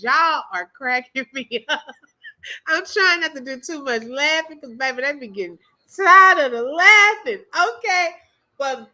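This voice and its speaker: A woman's voice: sits high, bright, forceful tone, poor audio. A woman hosting a reaction channel, reacting to clips in casual commentary, laughing often and exclaiming in drawling slang asides.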